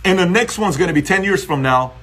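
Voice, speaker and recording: A man's voice: high-pitched, expressive, fast, fairly bright tone. A man from Iran with an Iranian accent, hosting a motivational live stream and taking callers, talking emphatically and repetitively.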